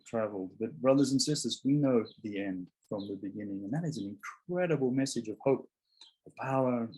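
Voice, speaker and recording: Husky-voiced man preaching a sermon. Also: medium pitch. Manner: conversational, animated, acts out voices of biblical figures. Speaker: pastor. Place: church.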